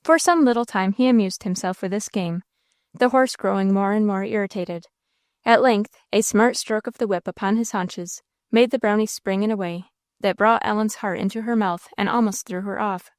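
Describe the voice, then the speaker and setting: A woman narrating a classic novel in a measured, expressive reading style. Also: mid-range voice, no room sound, clean studio sound. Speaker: audiobook narrator. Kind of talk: scripted narration.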